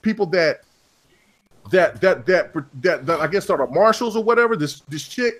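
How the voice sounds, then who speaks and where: A man from Oklahoma hosting a gaming podcast, telling stories in a rambling, animated way with plenty of swearing. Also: high-pitched, normal speed. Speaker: podcast host. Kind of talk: casual chat.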